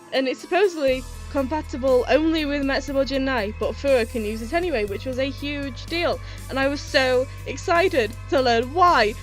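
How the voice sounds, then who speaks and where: A woman giving a chatty, animated retrospective review of a TV series, swearing casually as she talks. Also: fairly high pitch.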